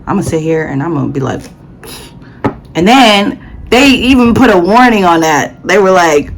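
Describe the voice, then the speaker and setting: A young adult woman telling a casual travel story in a chatty, animated way, full of slang and dramatic asides. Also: on the low side, normal speed, poor audio. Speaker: vlogger.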